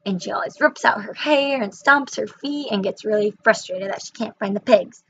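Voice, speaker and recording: A woman's voice: medium pitch, moderate pace, fairly bright tone, slight background noise. A young woman retelling and reviewing a children's book in a chatty way, with frequent fillers, on a slightly muffled recording.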